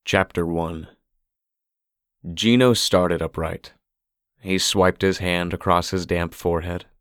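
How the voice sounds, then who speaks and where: Brief: male audiobook narrator, deep and unhurried, dry close sound. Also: no echo. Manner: measured, steady reading.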